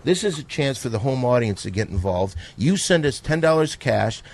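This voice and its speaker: A man's voice: medium pitch, lively intonation, moderate pace, vocal fry, darkish tone. A man hosting an improvised comedy podcast in a brash, announcing manner. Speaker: podcast host.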